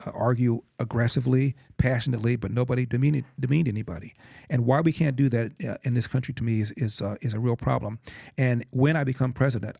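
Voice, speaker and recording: A man's voice: medium pitch, gravelly, dark tone, dry recording, studio quality. A man in his sixties, a guest in a conversation, telling a personal story in an earnest, emphatic way and acting out the quotes. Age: 60s.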